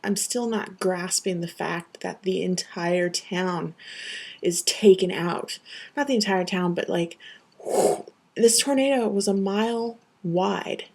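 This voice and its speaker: A woman's voice: on the low side, slow pace, gravelly, a little mellow. A young woman telling a personal story to camera, earnest and rambling with many fillers. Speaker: vlogger recounting a tornado.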